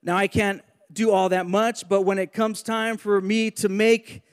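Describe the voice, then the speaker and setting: A man's voice: high voice, level tone, unhurried, smooth, long reverb tail. A man preaching a sermon and leading a prayer, earnest, with repeated phrases.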